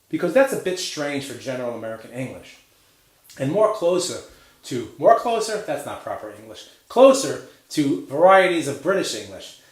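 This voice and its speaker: A man teaching a pronunciation lesson, drilling vowel sounds slowly and cheering the learners on to repeat after him. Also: on the high side, reverberant. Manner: slow, drawn-out drilling of vowel sounds with encouraging prompts.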